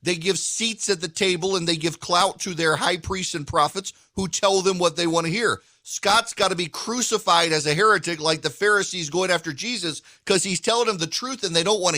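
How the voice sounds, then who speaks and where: A male podcast host delivers political commentary in an emphatic monologue that builds toward near shouting. His voice has a bright, forceful edge. The recording is dry and close, with no room around it. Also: high-pitched, no echo.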